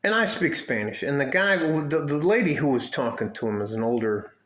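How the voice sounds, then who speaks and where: A man's voice: mid-range voice, lively intonation, a little fast, fairly bright tone. A man from Detroit telling a story in a casual vlog rant, swearing often and rambling with many fillers and restarts. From Highland Park, Detroit. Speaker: vlogger.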